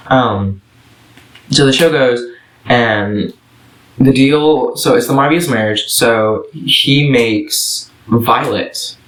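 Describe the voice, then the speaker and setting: A man chatting through a casual book review, rambling and filling pauses as he goes. His mid-range voice rings around an echoey room. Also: mid-range voice, fairly bright tone. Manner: rambling, with many fillers.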